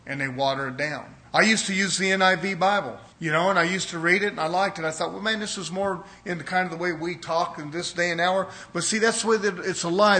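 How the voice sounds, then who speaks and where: Bright, high-pitched preaching man. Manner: emphatic, repetitive cadences with rising and falling intensity. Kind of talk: sermon.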